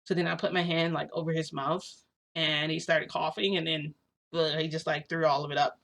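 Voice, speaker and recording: A woman's voice: low voice, little pitch movement, a little fast, gravelly, fairly bright tone. A young adult woman telling a story in a casual, rambling, filler-heavy way.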